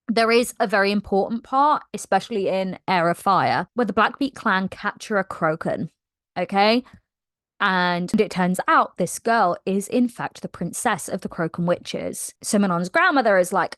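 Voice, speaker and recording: A young woman talks through a book in a casual, slangy way, throwing herself into quoted lines with some swearing. Her pitch sits mid-range for a woman. The sound is dry and close, with no room around it. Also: no room sound. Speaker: book vlogger.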